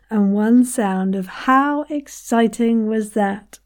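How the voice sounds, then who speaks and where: A woman hosting a podcast episode, playfully leading listeners through vocal warm-ups and demonstrating the sounds herself, often giggling and slipping into whispers. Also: on the high side, sing-song, extremely slow. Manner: demonstrates vocal exercises out loud. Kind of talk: playful instructional warm-up coaching.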